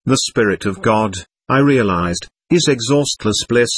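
A man narrating an audiobook in a measured, earnest reading. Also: medium pitch, animated, slightly rough. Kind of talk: scripted narration.

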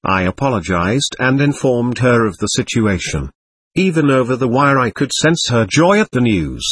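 Husky male audiobook narrator. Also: mid-range voice, sing-song, normal speed, fairly bright tone. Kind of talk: scripted first-person narration.

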